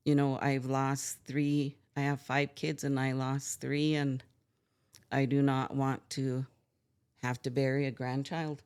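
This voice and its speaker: A woman's voice: a bass voice, level tone, takes it slowly, darkish tone, clear, resonant tone. An older woman who is a podcast guest, telling family stories in a frank, earnest way. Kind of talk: candid conversational storytelling.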